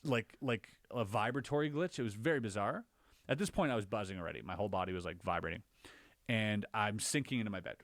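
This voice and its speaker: This man, a podcast co-host, casually walks through his own experiences at a quick pace, his voice climbing higher whenever he reaches the scary parts. The sound has no echo.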